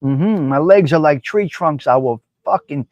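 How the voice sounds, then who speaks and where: New man, cocky profane stream host, higher voice, dry close sound. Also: lively intonation, a little slow, darkish tone, no echo, dull audio. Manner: swaggering, profane, repeats lines for emphasis. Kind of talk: brash casual live-stream chat. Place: his apartment.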